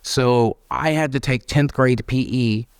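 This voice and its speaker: A man's voice: mid-range voice, measured pace, smooth, no echo, clean studio sound. A man with an American accent, an interview guest telling candid stories and acting out the voices of people in them. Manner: animated, acts out quoted voices, frank and self-deprecating. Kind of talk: candid conversational storytelling.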